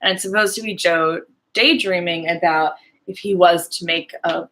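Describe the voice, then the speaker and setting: A woman's voice: fairly low pitch, bright, forceful tone. A woman in her forties co-hosting a casual music discussion, agreeable and enthusiastic about the tracks. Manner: agreeable, quick affirmations and enthusiastic remarks. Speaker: podcast co-host.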